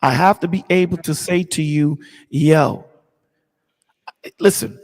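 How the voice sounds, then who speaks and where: A man's voice: fairly high pitch, fairly even intonation, fairly quick, in a large hall. A man in a casual discussion, talking emphatically and repeating his points like a preacher. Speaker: stream co-host.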